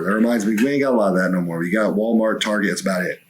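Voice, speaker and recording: Folksy, profane man, low voice. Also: racing, hardly any pauses. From United States. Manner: folksy, profane, excitable storyteller. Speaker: podcast co-host, wrestler. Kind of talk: casual chat.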